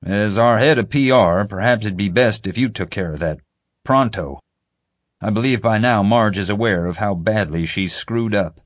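A man voicing a calm, authoritative male boss who issues orders politely. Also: lowish voice, moderate pace, no echo, studio quality, close to an everyday voice. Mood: commanding. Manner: calm, commanding.

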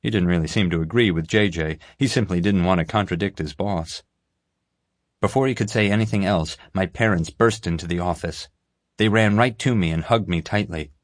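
A man reading a story aloud as an audiobook narrator, steady and clear. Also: deep voice, moderate pace, no room sound, clean studio sound. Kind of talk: scripted narration.

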